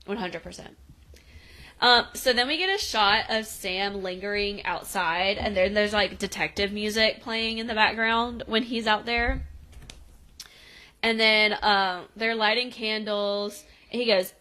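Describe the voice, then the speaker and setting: A woman co-hosting a podcast, casually recapping a TV episode and acting out the characters' lines in quick voices. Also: medium pitch, sharp tone, poor audio. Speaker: podcast co-host.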